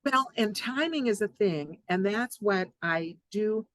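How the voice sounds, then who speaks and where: A woman psychologist and author, a guest on a podcast interview, telling jokes and reading from her own book in a playful, animated way. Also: medium pitch, measured pace, no room sound, rough recording.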